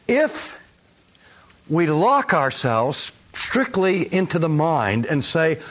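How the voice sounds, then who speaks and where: An older man lecturing with a voice that rises and falls with animation. He sits a little high in pitch and slips into playful voices to act out his examples. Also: sing-song, takes it slowly, a bit bright. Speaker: teacher. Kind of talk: recorded lecture.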